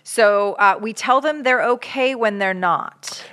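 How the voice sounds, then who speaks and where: A middle-aged woman from Canada co-hosting a parenting podcast, talking casually and acting out quoted voices with big jumps in pitch. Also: slow pace, fairly bright tone, a little hiss or hum. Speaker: podcast co-host.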